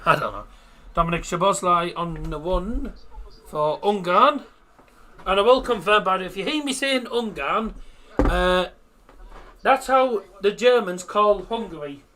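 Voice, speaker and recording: This man's voice is high-pitched, bright and pushed, moving a little slowly over slight background noise. He hosts a relaxed football watchalong stream, chatting with viewers, reading their chat messages and calling out the lineups.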